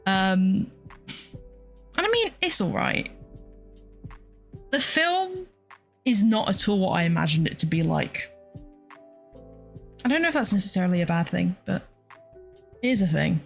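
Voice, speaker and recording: A woman's voice: mid-range voice, big pitch swings, moderate pace, gravelly, pauses often, soft background music. A young woman, hosting a casual solo chat. She rambles, exclaims often and laughs a lot. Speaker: podcast host and streamer.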